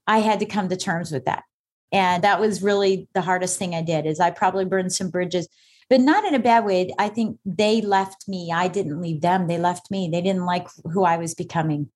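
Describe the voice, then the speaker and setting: A woman author appears as a guest on an interview podcast, telling her own story with forthright, emphatic conviction. Her voice is mid-range with a darkish tone, in a conversational interview.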